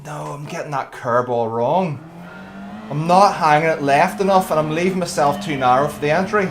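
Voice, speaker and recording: A man livestreaming a racing game, giving excitable, self-critical commentary while greeting viewers. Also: a little high, normal speed. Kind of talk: live gameplay commentary. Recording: noisy stream audio with car engines. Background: racing game engine sounds.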